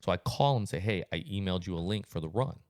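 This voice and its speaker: A man in his thirties hosting a podcast, telling stories in a casual, animated, swearing style and acting out voices. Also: low-pitched, fast, dry recording, studio quality. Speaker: podcast host. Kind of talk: casual chat, storytelling.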